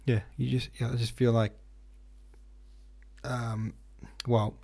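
A man's voice: mid-range voice, flat delivery, slow pace, vocal fry, a little mellow. A man hosting a casual solo podcast, talking in a rambling, hesitant way with many fillers and restarts. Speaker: podcast host and novelist.

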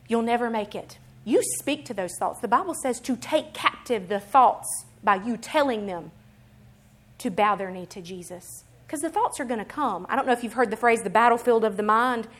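An animated woman preaching a sermon with a slightly high voice. She moves from quiet, plain teaching to loud, emphatic declarations. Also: normal speed. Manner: acts out other people's voices in quotes.

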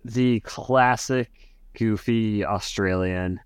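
A man with a fairly low voice co-hosting a casual podcast. He talks in an easygoing, thoughtful way, and the sound is dry and close-miked. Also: slow, smooth, no echo. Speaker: podcast co-host. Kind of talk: casual chat.

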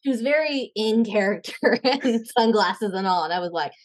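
A young woman, an actress and podcast guest, chatting casually and telling animated stories, acting out the voices she quotes and laughing often. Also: a little high, normal speed. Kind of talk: casual interview chat.

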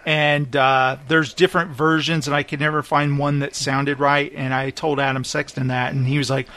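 A man's voice: a little high, normal speed. A man hosting a podcast, chatting casually and acting out movie lines with lots of laughter. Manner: animated storyteller who acts out movie lines and laughs often. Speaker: podcast host. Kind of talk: casual chat.

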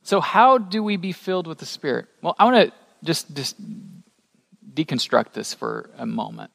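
A man preaching a sermon as a pastor, animated and rising to emphatic peaks, asking the congregation questions. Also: a little high, moderate pace, creaky. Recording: long hall reverb.

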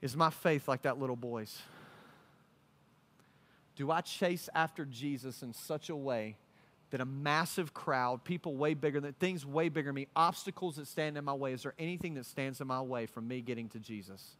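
A man preaching a sermon, telling a story in an animated way with casual slang. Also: mid-range voice, moderate pace, in a large hall.

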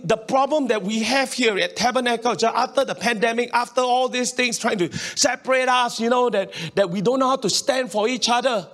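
A man with a Singaporean English accent preaching a sermon as pastor, animated and colloquial, calling on the congregation to respond. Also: extremely high pitch.

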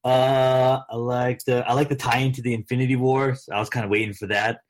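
A man co-hosting a casual chat, talking in a relaxed, rambling way with many fillers. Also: mid-range voice, a little fast. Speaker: podcast co-host.

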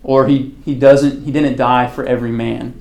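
A man's voice: mid-range voice, flat delivery, moderate pace, vocal fry, darkish tone. Male Bible study teacher, casual and conversational, asks questions of the class, lots of filler words. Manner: frequent fillers like "okay" and "like".

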